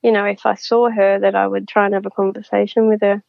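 A woman's voice: medium pitch, level tone, fast talker, creaky, dry recording. Woman guest, rambling storyteller, dull lo-fi sound. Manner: chatty, rambling, laughs often. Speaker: psychic guest. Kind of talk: casual storytelling. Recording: dull lo-fi, dry.

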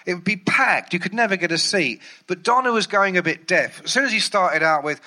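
A man's voice: high voice, expressive, a little fast, sharp tone. A man, a music journalist and ghostwriter, telling rambling, amused anecdotes. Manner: rambling, amused, many fillers and restarts. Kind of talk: anecdotal storytelling.

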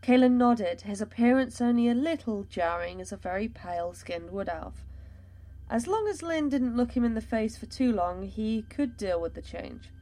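A woman narrating a fantasy story in a steady, measured storytelling voice. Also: on the high side.

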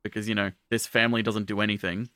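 Guy recapping an anime on a podcast, kinda rambly and sweary, sharp bright voice, dead dry sound. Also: fairly low pitch, fast, no echo. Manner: rambling, profane, animated retelling. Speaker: podcast co-host. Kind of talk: casual anime commentary.

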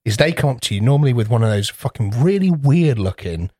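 A man swapping stories on a podcast, swearing freely and slipping into little put-on voices for the people in his anecdotes. His voice sits at an ordinary pitch and is recorded dry and close, with almost no room sound. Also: expressive, fast talker, warm tone, no echo. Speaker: podcast co-host. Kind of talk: casual chat.

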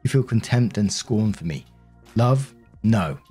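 Brief: man voicing a critical, accusing wife, dark husky read, relentless. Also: on the low side, expressive, a little slow, soft background music. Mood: bitter accusing. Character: critical, accusing adult woman partner. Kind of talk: story reading.

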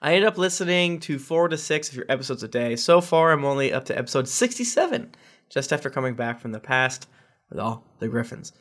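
A man's voice: mid-range voice, expressive, a little fast, fairly bright tone. A man hosting a casual podcast, reading listener reviews aloud and breaking off into jokey asides and chuckles. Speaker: podcast host.

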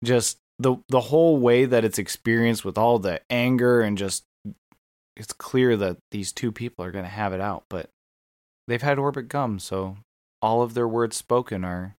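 A man's voice: on the low side, moderate pace, no echo, studio quality. A man co-hosting a podcast in casual chat, gushing and enthusiastic, often restarting his sentences. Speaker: podcast co-host.

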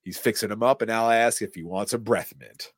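A podcast co-host with a somewhat low voice recaps a film scene by scene, animatedly acting out the characters' lines and swearing now and then in loose, casual talk. He speaks fairly quickly, and the sound is dry and close with no room around it.

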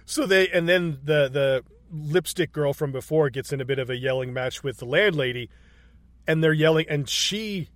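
A man's voice: fairly high pitch, normal speed, no room sound. A man in casual chat, retelling a film's scenes with swearing and frequent laughter. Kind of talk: casual movie recap chat.

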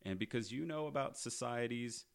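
A man's voice: mid-range voice, moderate pace, gravelly, natural voice. A man voicing a smug male vampire leader who speaks with lofty earnestness. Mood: earnest.

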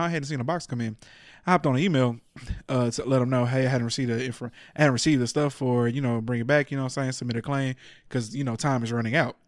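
A man's voice: mid-range voice, dry recording, clean studio sound. A man telling a story in casual chat, cursing freely, laughing often and acting out what other people said. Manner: profane, animated, acts out quoted people.

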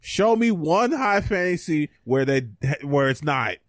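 A man co-hosting a podcast in casual chat, teasing with deadpan jokes and steering the topics. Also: fairly high pitch, unhurried, no echo, studio quality. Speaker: podcast co-host.

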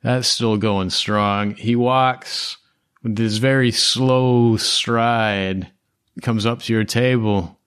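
A man's voice: medium pitch, fairly even intonation, takes it slowly, a bit bright, smooth. A man narrating a tabletop game as game master, casual and loose.

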